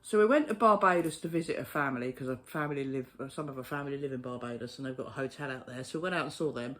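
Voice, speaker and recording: A woman's voice: rumbling low, rapid-fire, a bit bright. A woman ranting to camera in a casual vlog, exasperated and sweary, often laughing in disbelief. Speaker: vlogger.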